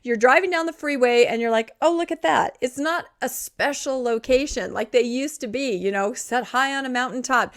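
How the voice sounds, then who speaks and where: A woman from Utah co-hosting a podcast, speaking in an animated, expressive way. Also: on the high side, moderate pace, hardly any pauses. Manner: animated and expressive, ranting and laughing easily. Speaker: podcast co-host. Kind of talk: casual chat.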